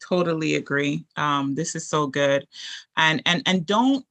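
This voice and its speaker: A financial expert who agrees readily and speaks haltingly, with many fillers, in a casual workshop conversation. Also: mid-range voice, a bit bright.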